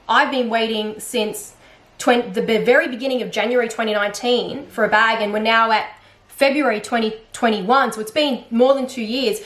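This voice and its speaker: Woman, vlogger, casual storytime, higher voice, echoey room, frustrated rambling. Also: a bit bright. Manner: chatty, frustrated, many fillers and restarts. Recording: roomy echo.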